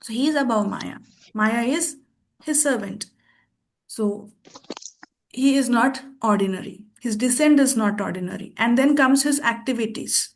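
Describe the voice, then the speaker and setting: Woman teaching a scripture class. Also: high-pitched. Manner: thoughtful, with frequent pauses and restarts. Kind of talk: storytelling scripture lesson.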